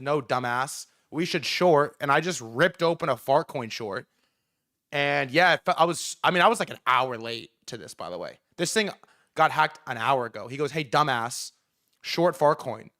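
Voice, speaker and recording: A man hosting a casual livestream from outdoors, excitable and profane, rambling with many restarts. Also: fairly high pitch. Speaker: livestream host. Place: outdoors in New York City.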